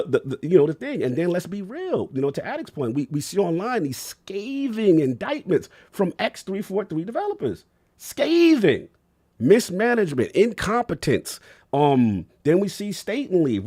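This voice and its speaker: A man's voice: on the high side, warm tone. A man, talking emotionally and in slang as a podcast co-host. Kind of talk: casual podcast chat.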